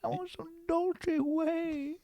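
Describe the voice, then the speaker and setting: A man voicing a weak, grateful whale in a high, thin, strained voice, speaking slowly. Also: little pitch movement, vocal fry, mellow, no echo, exaggerated voice. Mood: pleading.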